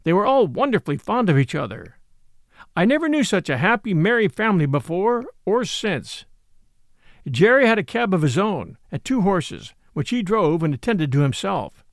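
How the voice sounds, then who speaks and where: A man reading a classic novel aloud as an audiobook, in a gentle storytelling manner. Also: high-pitched, sing-song, moderate pace, no echo, studio quality. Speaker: audiobook narrator. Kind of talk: scripted narration of a classic novel.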